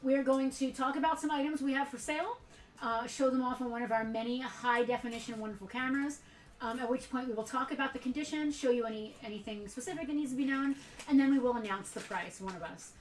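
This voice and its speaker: A woman's voice: high voice, fast talker, distant mic. A woman co-hosting a live sale stream in a casual, rambling way, with many fillers. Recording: roomy, from off the mic.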